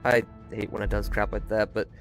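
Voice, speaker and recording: A man giving live commentary on a game he is streaming, frustrated and ranting in quick bursts. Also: on the low side, little pitch movement, soft background music.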